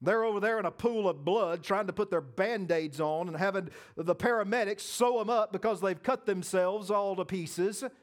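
A man preaching a sermon, emphatic, with loud peaks, quiet asides and folksy humor. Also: sits high, moderate pace.

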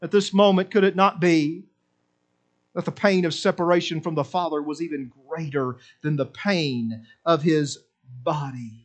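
A man preaching a sermon with passion, swinging between loud exclamations and low, quiet asides in a repetitive, emphatic cadence. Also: moderate pace.

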